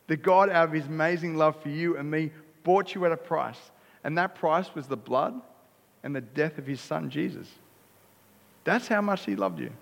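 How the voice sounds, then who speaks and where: A middle-aged Australian man preaching a sermon as pastor, conversational and emphatic, with casual asides to the congregation. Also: on the high side. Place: church hall. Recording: church hall reverb.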